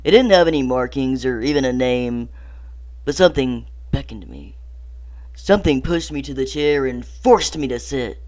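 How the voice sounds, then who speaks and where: A man reading a horror story aloud as narrator, theatrical, dropping to hushed whispers and rising to anguished cries. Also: mid-range voice, animated, normal speed. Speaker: creepypasta narrator.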